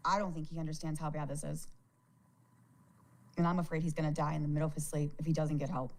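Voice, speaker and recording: A woman chats casually on a livestream with a fairly low-pitched voice. She sounds worried and exasperated, often tripping over her words and repeating them. She swears freely as she talks. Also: level tone, quick pace. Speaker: live streamer.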